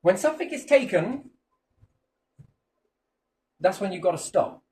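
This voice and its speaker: A man talks loosely and excitedly, hopping from one idea to the next and swearing freely. His voice swings up and down a lot. He sits somewhat back from the microphone, with a faint hum of noise behind him. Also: sits high, measured pace, distant mic. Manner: animated, jumps between topics, swears freely. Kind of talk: rambling casual chat.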